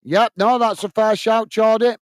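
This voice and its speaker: A man from England hosting a live football watch-along, calling the play and chatting with viewers in a chatty manner that quickly turns to ranting. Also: sits high, steady tone, no echo. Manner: chatty, reads out viewer messages, quick to rant. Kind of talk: live football commentary and chat.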